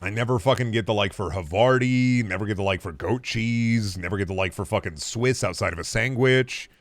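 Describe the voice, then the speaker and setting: A man in his thirties talks to his stream chat in a loose, rambling flow, swearing casually between thoughts. His voice sits low. The sound is close and dry. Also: a little fast, no echo. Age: 30s. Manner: rambling, laid-back, swears freely.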